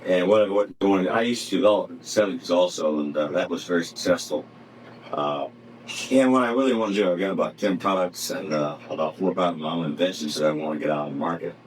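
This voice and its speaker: A man's voice: low-pitched, fast talker, distant mic, slight background noise, low-quality recording. A man introducing himself at a seminar in an eager, rambling way. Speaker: seminar attendee. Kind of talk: self-introduction.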